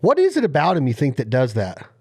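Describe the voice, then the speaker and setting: Excitable male podcast host. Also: medium pitch, fast talker, breathy edge. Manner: enthusiastic, animated storyteller. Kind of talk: casual interview chat.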